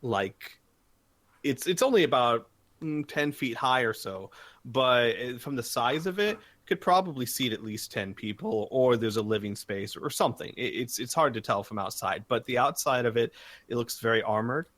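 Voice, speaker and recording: A man's voice: medium pitch, lively intonation, normal speed, fairly bright tone. A man narrating as game master in a casual tabletop game, hesitant and full of fillers.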